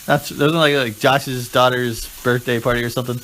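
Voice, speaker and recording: A man's voice: mid-range voice, little pitch movement, normal speed, fairly bright tone, slight background noise. Guy on a podcast talking trash, teasing his buddy, mid voice. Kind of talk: casual chat.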